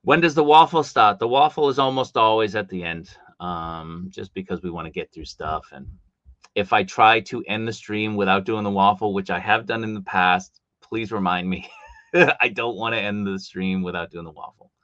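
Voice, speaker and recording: Deep-voiced man with a Boston accent. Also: normal speed, fairly bright tone, no room sound, dull audio. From Boston, USA. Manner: rambling, reads out chat comments with fillers. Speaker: live stream host. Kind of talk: casual live stream chat.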